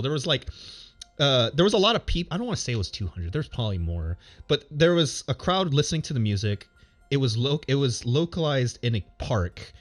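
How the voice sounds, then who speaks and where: Rambling man telling a story. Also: medium pitch. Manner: rambling, many fillers and restarts, laughs while telling. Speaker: streamer. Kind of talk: casual storytelling.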